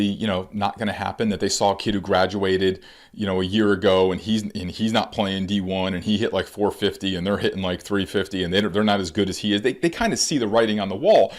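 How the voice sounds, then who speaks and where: A man giving a conversational instructional talk to parents as a baseball coach and educator, acting out quotes as he goes. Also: medium pitch. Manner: animated, conversational, acts out quotes.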